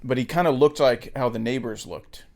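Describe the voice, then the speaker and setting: A man co-hosting a podcast, chatting casually about a film in a thoughtful, hesitant way with frequent pauses. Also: medium pitch, gravelly, darkish tone. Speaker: podcast co-host.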